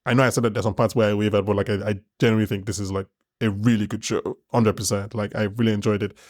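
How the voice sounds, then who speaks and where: A man's voice: lowish voice, little pitch movement, fast talker, a little mellow, dry recording, clean studio sound. A man co-hosting a podcast in casual chat, rambling and often restarting his sentences. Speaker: podcast co-host.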